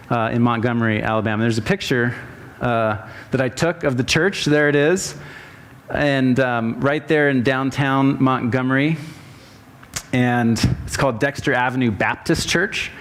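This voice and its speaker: A man, a pastor, speaking casually to his congregation before reading a sermon aloud with rising emphasis. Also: mid-range voice. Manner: conversational, with fillers, then reads a sermon in a rising, emphatic tone. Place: church sanctuary.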